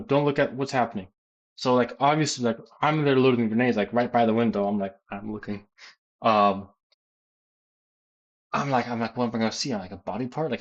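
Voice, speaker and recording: American guy rambling through an army story, lots of ums and restarts, average pitch, casual q&a vibe. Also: low-quality recording. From United States. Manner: rambling, animated, many fillers and restarts. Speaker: gaming YouTuber and teacher.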